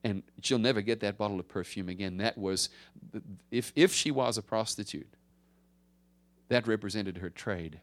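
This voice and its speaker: A male pastor preaching a conversational sermon, swinging from emphatic rises to hushed drops. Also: lowish voice, moderate pace.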